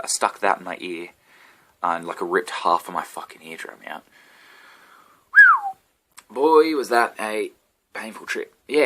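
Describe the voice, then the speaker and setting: Brief: Australian guy, low voice, sore-throated, riffing and cursing. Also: bright, forceful tone. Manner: meandering, swearing, self-interrupting. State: sick throat. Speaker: comedian. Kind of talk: rambling solo vlog rant.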